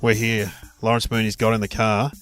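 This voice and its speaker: A man's voice: fairly low pitch, level tone, fairly quick, fairly bright tone, faint music behind. A middle-aged Australian man hosting a podcast in a moving car, chatting casually and laughing often. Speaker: podcast host. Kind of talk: casual chat while driving.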